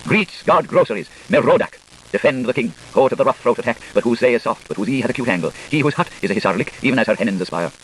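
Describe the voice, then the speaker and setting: A man reading dense literary prose aloud in a fast, sing-song delivery. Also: medium pitch, a little hiss or hum, low-quality recording. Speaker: reader.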